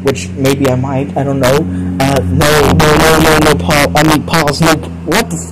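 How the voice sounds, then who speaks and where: A man's voice: fairly high pitch, flat delivery, measured pace, noisy background. A young man streaming live, reacting to chat confessions in a profane, exasperated way with frequent laughter. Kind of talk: casual live stream commentary.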